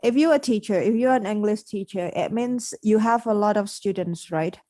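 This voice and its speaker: A woman's voice: mid-range voice, moderate pace, warm tone, dry recording. Woman, podcast host, simple explanations, repeats points, dry close recording. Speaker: podcast host and English teacher. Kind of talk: casual podcast conversation about learning English.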